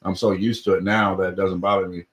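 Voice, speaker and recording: A man with a very low voice chats casually on a livestream. He rambles through his stories and scatters loose fillers throughout. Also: little pitch movement, quick pace, a bit bright, low-quality recording. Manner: rambling, with many fillers like "or whatever". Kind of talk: casual chat.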